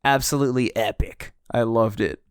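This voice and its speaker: A man co-hosting a casual podcast chat, excitable, laughing often and acting out quotes. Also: mid-range voice, normal speed, smooth, no room sound, studio quality. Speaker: podcast co-host. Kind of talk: casual chat reviewing a chapter.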